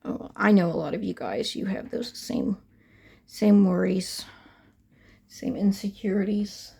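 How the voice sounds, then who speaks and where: Gravelly, husky woman chatting while painting. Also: mid-range voice, steady tone, measured pace, dark tone. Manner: chatty, often drops to a half-whisper while working. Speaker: reborn doll artist. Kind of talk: casual craft vlog chat.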